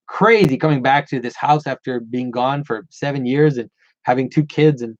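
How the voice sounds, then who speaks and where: Answering viewers' questions on his channel, a man runs a casual livestream Q&A in a mid-range voice at normal speed. He rambles, frequently restarting and repeating words. There's no echo, but the highs are cut off.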